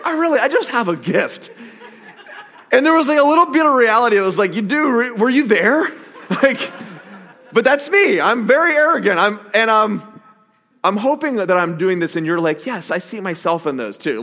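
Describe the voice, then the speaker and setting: A man preaches with a high, bright voice that leaps up and down as he talks. He is candid and self-mocking, and his words carry the long reverb of a large hall. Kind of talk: sermon.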